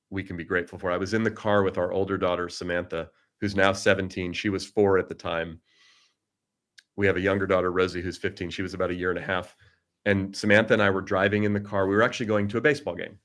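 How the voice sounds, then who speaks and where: A man's voice: deep voice, a bit bright. A middle-aged man giving a reflective, earnest motivational talk over a video call. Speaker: keynote speaker. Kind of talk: motivational talk with personal story.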